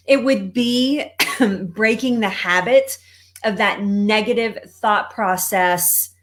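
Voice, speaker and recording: A woman's voice: mid-range voice, a bit bright. A woman with a Texan accent, a cancer coach giving a conversational motivational talk to live viewers. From Texas. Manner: conversational, greets viewers, laughs often.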